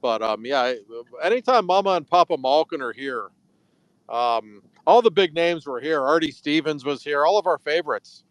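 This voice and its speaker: A man's voice: fairly high pitch, expressive, moderate pace, dry recording, rough recording. A man casually chatting as a hockey writer on a podcast, telling stories in an offhand, dry way.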